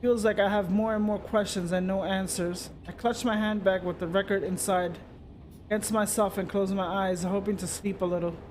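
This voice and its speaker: A man reading the narration of a story game aloud, steady, with small slips and restarts. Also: high voice, moderate pace, a little hiss or hum. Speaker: streamer.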